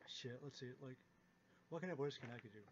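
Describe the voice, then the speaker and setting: Man, podcast host, mumbly, quick, stammering, swears, faint background noise. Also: medium pitch, muffled recording. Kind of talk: casual chat.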